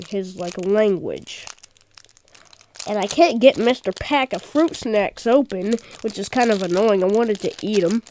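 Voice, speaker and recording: A woman hosting a gameplay video, chatting excitedly with rambling asides into a desk microphone. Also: mid-range voice, slight background noise. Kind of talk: casual gameplay commentary.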